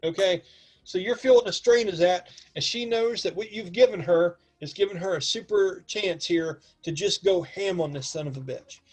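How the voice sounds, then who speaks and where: A man acting as game master, narrating a tabletop game with lively asides and counting out distances aloud to his players. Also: high-pitched, moderate pace.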